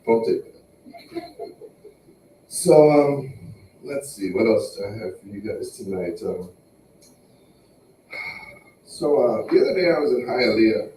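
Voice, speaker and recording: A man's voice: lowish voice, expressive, slow pace, pauses often, warm tone, roomy sound, recorded from a distance, a little hiss or hum, low-quality recording. A man doing a loose, crude stand-up set and riffing on the crowd. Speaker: stand-up comic. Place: small comedy venue.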